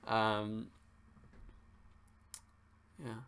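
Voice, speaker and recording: A man's voice: fairly low pitch, monotone, very slow, a bit bright, a little hiss or hum. A young man from England, hosting a livestream and answering viewers' questions in a laid-back, rambling way, swearing casually. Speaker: livestream host.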